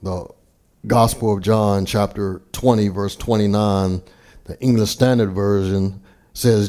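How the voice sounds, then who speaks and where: A man preaching a sermon, deliberate and emphatic, with occasional small stammers and restarts. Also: fairly low pitch, steady tone, dark tone.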